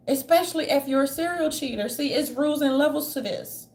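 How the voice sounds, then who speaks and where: Blunt high-pitched woman ranting. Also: fairly quick, a little mellow. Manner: blunt, profane, mocking quoted voices. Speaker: commentary channel host. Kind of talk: casual opinion monologue.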